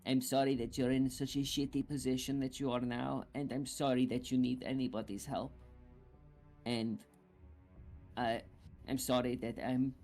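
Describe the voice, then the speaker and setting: A man voicing an earnest, halting young woman. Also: medium pitch, level tone, a little mellow, faint music behind, close to an everyday voice. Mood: tearful pleading. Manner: halting, stammering, apologetic. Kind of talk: roleplaying a tabletop game character.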